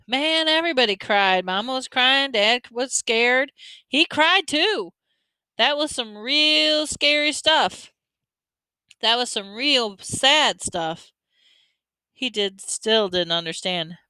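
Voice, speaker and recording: Bright-voiced woman telling a story. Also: mid-range voice, fairly even intonation, measured pace, smooth, no room sound. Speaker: audiobook reader. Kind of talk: first-person storytelling narration.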